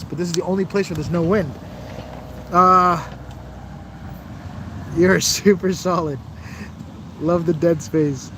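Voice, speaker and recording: A man with a slightly high voice hosts a casual livestream, rambling, chatting and laughing often as he answers viewers' chat messages. He stands outdoors beside a building's glass, sheltered from the wind, and a faint hiss or hum runs under the audio.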